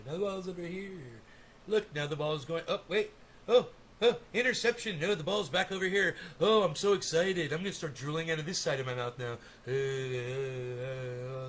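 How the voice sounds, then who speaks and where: A man's voice: medium pitch, slight background noise, pitched below the performer's own voice, lightly acted. A man voicing a dim, drooling man mesmerized by a ball game, babbling in slack, dopey awe.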